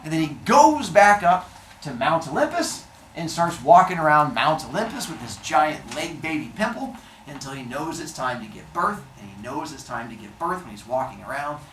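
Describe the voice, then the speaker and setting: A male teacher retelling a myth to his class in a playful, wry, animated way. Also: on the high side, normal speed, slight background noise. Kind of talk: classroom storytelling. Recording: echoey classroom, mic far off.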